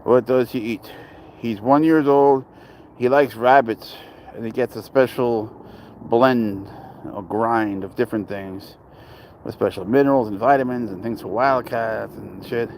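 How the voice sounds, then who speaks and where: A young man in a loose, rambling livestream chat, swearing freely and joking at his own expense. His voice sits at an ordinary middle pitch, picked up by a phone outdoors with faint traffic and street noise behind him. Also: unhurried, a little mellow, low-quality recording. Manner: rambling, crude, self-deprecating, talks to his cat. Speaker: cat owner livestreaming. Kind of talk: casual livestream chat, reading viewer comments.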